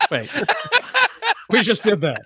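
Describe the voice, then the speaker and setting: A man's voice: high-pitched, big pitch swings, slow, pushed and bright, breathy edge, dry recording. A man co-hosting a casual podcast chat, giggly and wry as he reads out plugs. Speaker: podcast co-host.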